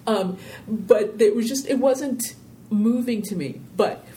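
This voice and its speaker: Woman, interview guest, warm mellow tone, rambling and animated, faint low rumble behind. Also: slow pace. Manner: rambling, animated storytelling with many "you know"s. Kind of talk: casual interview conversation.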